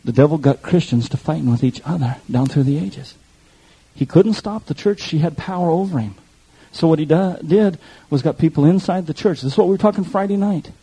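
A man's voice: on the high side, brisk, dark tone, breathy edge, low-quality recording. A male pastor preaching an impassioned sermon, speaking directly to his congregation.

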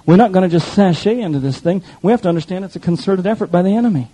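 A man's voice: high voice, animated, very fast, warm tone, rough recording. A male pastor preaching an impassioned sermon, speaking directly to his congregation.

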